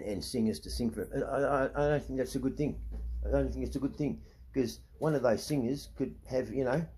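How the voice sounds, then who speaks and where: Speaking at medium pitch with a slightly mellow tone, the middle-aged Australian man keeps up his heated rant to camera. He swears freely, stays blunt and indignant, and repeatedly checks in with "right?"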